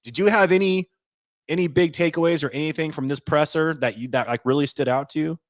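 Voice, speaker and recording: A man co-hosting a podcast who talks sports in a relaxed, loose way and swears casually. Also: on the high side, a little fast, dry recording, clean studio sound. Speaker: podcast co-host.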